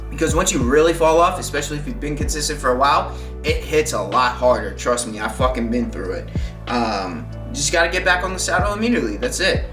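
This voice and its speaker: A man's voice: fairly high pitch, pushed and bright. A young man coaching on weight loss in a blunt, emphatic, profane monologue. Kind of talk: motivational monologue. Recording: echoey room, mic at a distance, faint guitar music.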